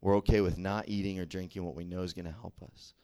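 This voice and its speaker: A young man preaching a casual sermon as a youth pastor, chatty and animated, full of fillers and quick check-ins with the room. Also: low-pitched, a little hiss or hum.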